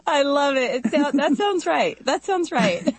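A woman hosting a talk-show interview, her voice a touch higher than most and sounding close and dry. She encourages her guest and keeps the conversation moving. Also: animated, a little slow, no room sound. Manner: affirming, encouraging listener.

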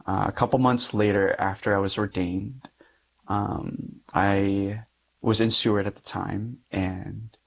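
A man's voice: fairly low pitch, fairly even intonation, slow pace, creaky. A young man, a Catholic priest, earnestly telling a personal story in an interview and often laughing between sentences.

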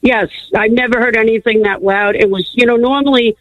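High-voiced woman on a tinny phone line. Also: steady tone, a little fast, no room sound. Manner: earnest, matter-of-fact recounting. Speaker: caller. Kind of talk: call-in radio chat. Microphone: phone call.

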